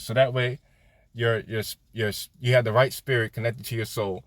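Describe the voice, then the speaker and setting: Man teaching scripture in a loose, chatty way, mid-pitched and recorded dry and close. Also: steady tone, fairly quick, no room sound. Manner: conversational, peppers lines with "right?", laughs often; chats with viewers while reading scripture aloud. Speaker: Bible study teacher. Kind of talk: casual livestream Bible teaching.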